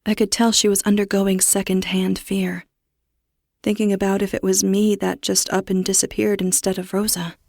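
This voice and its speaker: A woman reading a first-person horror story as narrator, steady with a tense edge. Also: medium pitch, normal speed, gravelly, no room sound, clean studio sound.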